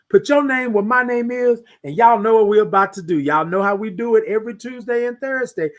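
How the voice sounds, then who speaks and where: A man's voice: high-pitched, fairly quick, few pauses. A man hosting a motivational morning livestream, preaching to his viewers as y'all and repeating his phrases. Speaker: host.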